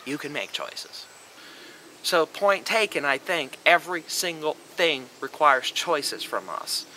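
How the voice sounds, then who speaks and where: A man's voice: on the high side, animated, takes it slowly, sharp tone, slight background noise, low-quality recording. A young man delivering an emphatic, lecturing monologue on a vlog, swearing freely as he argues his point. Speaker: vlogger. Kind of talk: opinionated monologue.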